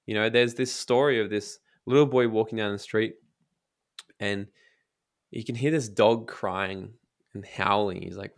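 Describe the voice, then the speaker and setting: Brief: male motivational coach as a guest, energetic, blunt, drops swear words, acts out what people tell themselves. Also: lowish voice, unhurried. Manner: acts out inner voices in quotes. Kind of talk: casual podcast interview.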